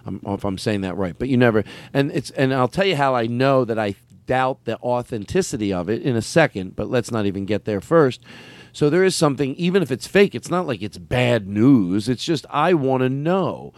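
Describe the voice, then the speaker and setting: A man's voice: mid-range voice, animated, normal speed, dry recording. A man hosting a comedy podcast, talking casually, rambling and circling back to press his point. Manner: rambling, restarts, builds arguments insistently. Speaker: podcast host.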